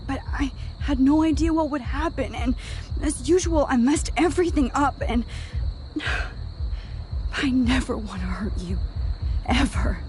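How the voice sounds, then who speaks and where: Woman voicing nervous teen heroine, high voice, halting delivery, light crickets. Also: background noise. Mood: distressed. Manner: hesitant, stammering. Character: anxious teen girl time traveler. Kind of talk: game voice acting.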